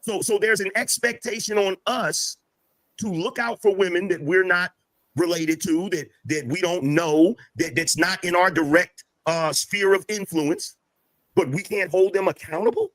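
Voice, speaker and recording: High-voiced argumentative man. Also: a little slow, fairly bright tone, no echo. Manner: argumentative, stammering restarts. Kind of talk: casual panel debate.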